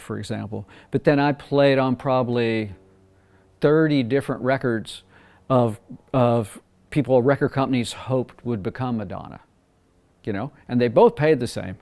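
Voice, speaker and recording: Brief: older Mississippi-raised producer, relaxed and chatty, medium voice, slips into quoting others. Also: male voice, mid-range voice. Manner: relaxed, rambling, acts out quoted dialogue. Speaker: record producer and former session guitarist. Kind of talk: casual interview storytelling.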